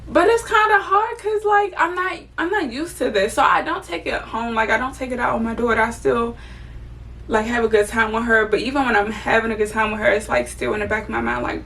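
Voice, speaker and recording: A woman's voice: a little high, fairly quick, a bit bright, distant mic, a little hiss or hum. A young woman venting candidly and casually to her viewers as she does her makeup, swearing freely. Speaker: vlogger. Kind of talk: casual get-ready-with-me venting.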